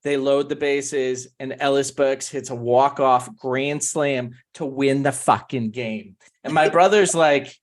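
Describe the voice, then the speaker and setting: A man in a casual podcast chat, talking excitedly and swearing freely. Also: fairly high pitch, a little slow. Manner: excited, swears, rattles off names. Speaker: podcast co-host.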